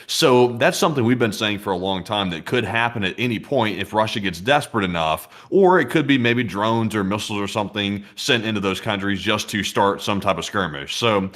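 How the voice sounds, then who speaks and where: A man co-hosting a casual news commentary show, reading out poll results and giving his view. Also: on the low side. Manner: relaxed, chatty, reads poll results. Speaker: co-host.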